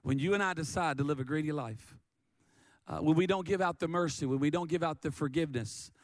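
A man preaching a sermon, animated and lively, often stammering and repeating words as he acts out the story. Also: fairly high pitch, fairly quick, no room sound. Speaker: pastor.

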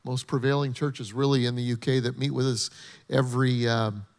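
A man, the host pastor, introducing a guest speaker in a halting way with many fillers. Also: medium pitch, flat delivery. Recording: long hall reverb.

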